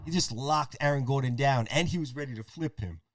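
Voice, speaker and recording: Man calling a game play-by-play. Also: mid-range voice. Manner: rapid game calling, profane, excitable. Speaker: podcast host. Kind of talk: casual play-by-play over a game.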